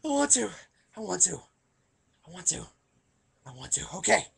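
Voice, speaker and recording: A man playing a nervous, emotional superhero in a comedic monologue, halting and stammering with a gravelly, crying voice. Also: on the high side, pushed and bright, exaggerated voice. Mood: sobbing. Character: nervous, weepy adult male superhero on a dating video.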